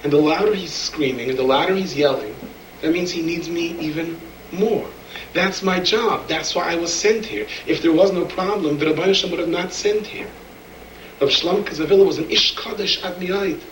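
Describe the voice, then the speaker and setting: A man's voice: a little high, moderate pace, distant mic, slight background noise. Echoey storytelling rabbi, man. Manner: animated storyteller, acts out voices in quotes. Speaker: rabbi telling stories. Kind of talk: sermon storytelling. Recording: echoey room, speaker away from the mic.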